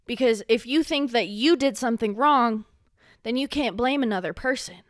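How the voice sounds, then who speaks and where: A young woman hosting a solo podcast, speaking with raw emotion and swearing, sometimes rising to a yell. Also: on the high side, moderate pace, dry recording, studio quality. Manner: impassioned, swearing, rising to yelling when angry. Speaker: podcast host.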